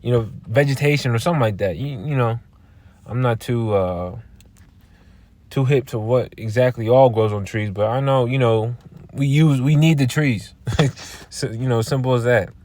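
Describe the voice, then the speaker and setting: A man giving informal scripture teaching in a blunt, halting way. He repeats words and keeps asking "all right?". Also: medium pitch, a little mellow. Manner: blunt, profane. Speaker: religious teacher.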